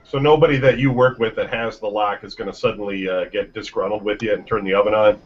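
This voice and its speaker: A man hosting a casual chat, asking quick teasing questions. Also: fairly low pitch, fairly even intonation, slight background noise. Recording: dull lo-fi audio, faint ambience.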